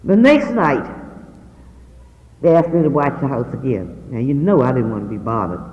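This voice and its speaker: Washington D.C. woman sharing her recovery story at a meeting, swinging pitch, long hall reverb. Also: normal speed, lo-fi sound, noisy background. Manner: lively, acts out the voices of the people in her story. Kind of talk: personal storytelling share.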